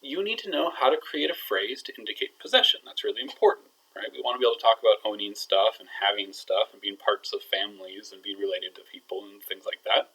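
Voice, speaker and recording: Man teaching an animated lesson. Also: on the low side, fast talker, vocal fry, hardly any pauses, rough recording. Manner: playful, builds suspense with rising energy. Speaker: Arabic teacher. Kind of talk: recorded lesson.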